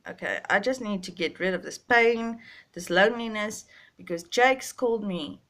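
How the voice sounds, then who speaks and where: A young woman telling a personal story, halting and emotional with many restarts, a little stuffy from her sinuses. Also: mid-range voice, fairly bright tone.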